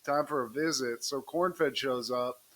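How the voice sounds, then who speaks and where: A man's voice: medium pitch, unhurried, a bit bright. A man co-hosting a podcast, recapping a cartoon episode in a casual, profane, joking way and keeping his co-host in the conversation.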